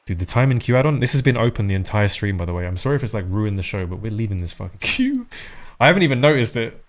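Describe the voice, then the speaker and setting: A man with a somewhat low voice talking through a live game stream. He rambles casually, swears often and chats to viewers as he plays. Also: very animated, fast talker.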